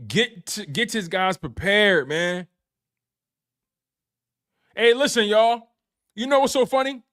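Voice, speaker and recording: Expressive and a bit bright, his high-sitting voice moves slowly. He's the host of an excited sports recap stream with super chats, talking right to his audience and repeating phrases for emphasis.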